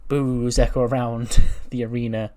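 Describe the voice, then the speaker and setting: A man's voice: mid-range voice, level tone, moderate pace, mellow. A man hosting a game channel, narrating a simulated wrestling show in a loose, chatty, mildly profane way. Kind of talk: casual let's-play narration.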